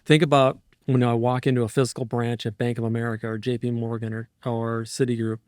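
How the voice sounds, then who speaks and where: A man in his fifties, a market strategist guest in an interview, talking in an energetic, rambling, digressive way. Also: medium pitch, fast talker, clean tone, no echo, studio quality. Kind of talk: casual interview talk.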